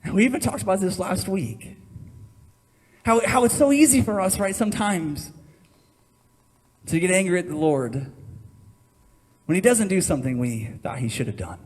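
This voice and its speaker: A male pastor delivers a sermon with a slightly husky, breathy voice that sits a little higher than most men's. He tells the story in a lively way and acts out the people in it as he goes. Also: moderate pace, long pauses. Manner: storytelling, acting out quoted voices with rising intensity.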